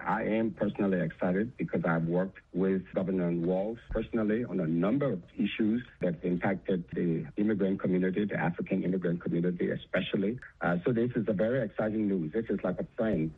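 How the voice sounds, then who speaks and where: A man talks earnestly down a tinny phone line, pausing on fillers and starting sentences over. His voice sits a little low and sounds husky. He is from Liberia and speaks as a former local council member. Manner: earnest, many fillers and restarts. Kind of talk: phone interview.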